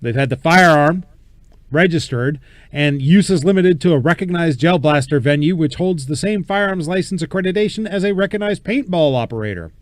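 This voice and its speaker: A man's voice: on the high side, lively intonation, brisk, no echo. A man hosting a casual show, speaking bluntly with casual swearing and reading news items aloud. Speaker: show host.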